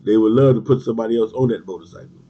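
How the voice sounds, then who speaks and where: A man's voice: lowish voice, very fast. A man giving an emphatic, repetitive livestream talk as a motorcycle club leader, using street slang and answering viewers' comments. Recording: dull lo-fi stream audio.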